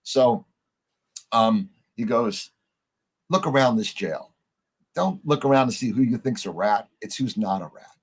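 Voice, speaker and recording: A middle-aged man, a podcast guest, telling a story in a lively way, acting out the lines of the people in it and swearing casually. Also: medium pitch, a little slow, long pauses, breathy edge. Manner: animated storyteller, acts out quoted dialogue, swears casually.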